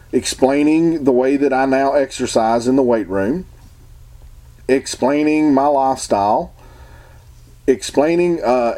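Talking casually to his viewers on camera, a man with a warm, medium-pitched voice rambles emphatically through his opinions, frequently starting sentences over.

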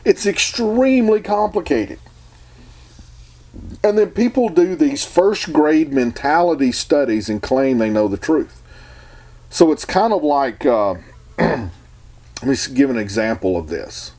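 Man, mellow warm tone, casual vlog talk, emphatic, opinionated, rambling. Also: a little high, lively intonation, measured pace, long pauses.

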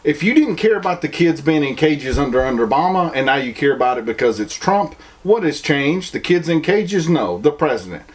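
A man's voice: a little high, very animated, brisk, few pauses. A man with a Southern American accent, delivering an opinion monologue full of rhetorical questions and mocking imitations.

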